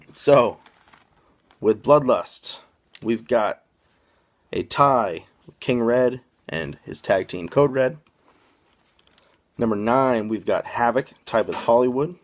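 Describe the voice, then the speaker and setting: A man with a lowish voice hosts a relaxed wrestling chat show. He talks slowly and loosely, rambling and filling gaps with ums as he works through a list. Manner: laid-back, rambling with frequent ums. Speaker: podcast host. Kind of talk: casual wrestling talk show.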